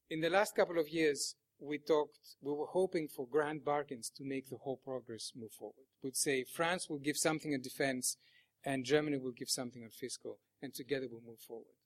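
A man speaks at an academic panel in a measured way and poses rhetorical questions to the room. His voice sits in an ordinary middle range. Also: mid-range voice. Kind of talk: academic presentation.

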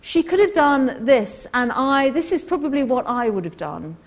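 Animated woman telling a story. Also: sits high, normal speed. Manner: animated, acts out quoted people. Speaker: co-host. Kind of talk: storytelling talk.

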